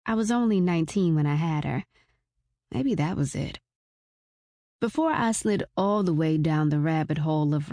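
A woman's voice: mid-range voice, darkish tone, dry recording, studio quality. A woman in her forties narrating a first-person story in a frank, wry and casually profane way. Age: 40s. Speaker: audiobook narrator.

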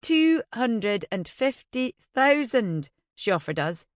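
A woman's voice: a little high, sing-song, slow, dry recording, pitched above the performer's own voice. A woman doing a blunt, wry old man. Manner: dry, mocking.

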